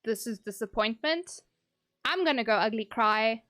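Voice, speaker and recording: A woman's voice: a little high, lively intonation, normal speed, fairly bright tone, no echo. A woman live streaming a game, chatting casually and playfully with her viewers and swearing now and then. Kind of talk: casual live-stream chat while gaming.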